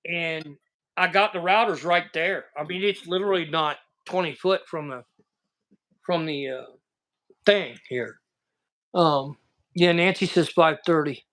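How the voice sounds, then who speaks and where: A man's voice: fairly high pitch, a little slow, long pauses, pushed and bright. A man with a Southern American accent hosting a casual livestream chat, telling rambling, folksy stories over a video call. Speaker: livestream host.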